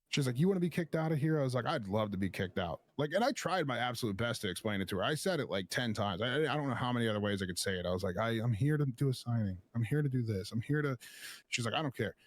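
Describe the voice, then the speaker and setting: A man in the middle of a heated, swear-laden story, voicing both sides of an old argument as he tells it. His voice sits at an ordinary middle pitch, recorded close and dry with no room sound. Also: no room sound. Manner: profane, animated retelling with quoted back-and-forth. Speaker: streamer telling a story. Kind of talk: casual storytelling chat.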